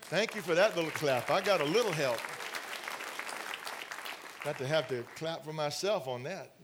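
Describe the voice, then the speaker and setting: A man's voice: on the high side, normal speed, a crowd in the background, noisy background. A middle-aged man preaching a sermon to a congregation, telling stories with laughs and asides. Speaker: pastor. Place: church in front of a congregation.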